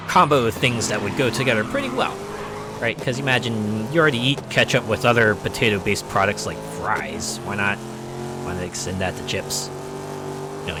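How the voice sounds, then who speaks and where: A man's voice: on the low side, normal speed. Rambling man streaming a racing game. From United States. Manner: chatty, rambling, many fillers. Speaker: VTuber streamer. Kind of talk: casual chat while gaming. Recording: loud racing game music and engine noise behind. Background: game music and race car sounds.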